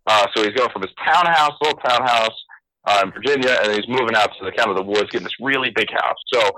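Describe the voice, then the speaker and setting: A man's voice: fairly low pitch, fast, pushed and bright, no echo, low-quality recording. A young man telling a story on a casual podcast chat, swearing a lot and laughing as he goes. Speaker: podcast co-host.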